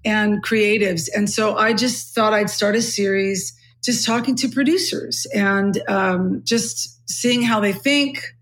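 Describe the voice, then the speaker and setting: A middle-aged woman from California hosting a podcast, with a low textured voice. She thinks aloud in casual chat, full of fillers. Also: steady tone, takes it slowly, few pauses. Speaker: podcast host.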